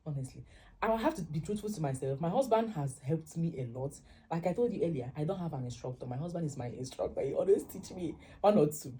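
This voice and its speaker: A young Nigerian-accented woman tells a story straight to her viewers, slipping into the voices of the people she quotes. Her voice sits low and sounds warm and mellow, never sharp. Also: brisk, slight background noise. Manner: animated, acts out dialogue in quoted voices. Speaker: vlogger. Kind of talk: casual storytelling to camera.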